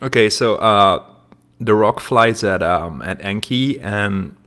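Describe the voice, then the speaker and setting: Low-voiced, relaxed male narrator. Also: takes it slowly. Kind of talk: tabletop role-play talk.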